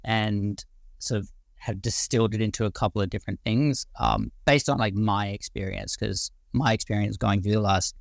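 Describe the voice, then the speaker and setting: An Australian man in his forties, a guest in a casual live audio discussion, rants passionately and rambles, swearing casually now and then. His lowish voice is creaky and fairly even in intonation, at normal speed, with no room sound.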